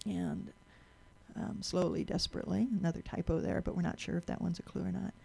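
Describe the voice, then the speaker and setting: A woman's voice: on the low side, flat delivery, a little fast, creaky, a little mellow, slightly rough. A woman giving a talk to a live audience, chatty, asking the room questions and often repeating and restarting words.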